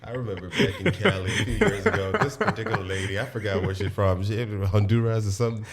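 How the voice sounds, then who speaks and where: Deep-voiced Nigerian-born man, blunt and emphatic. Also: animated, fast talker, a loud crowd. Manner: emphatic, blunt and profane, often asks "you know what I'm saying?". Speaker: podcast host. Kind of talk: casual podcast conversation.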